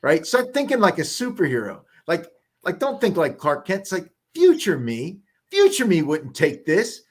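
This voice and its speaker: Podcast guest, man with a high voice, punchy motivational storyteller. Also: moderate pace. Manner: energetic, emphatic, acts out voices.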